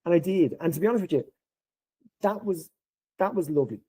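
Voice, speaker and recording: On a low-quality recording, a middle-aged man from Ireland guests on a podcast and tells an anecdote, animatedly playing out what everyone said. He has a high, husky voice and speaks fairly quickly.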